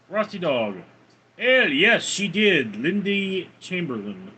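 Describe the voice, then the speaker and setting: A man's voice: high voice, big pitch swings, slow pace, sharp tone, husky. A man casually chatting on a live stream, reading out viewer names and comments in a laid-back, chuckling way. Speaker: livestreamer reading chat.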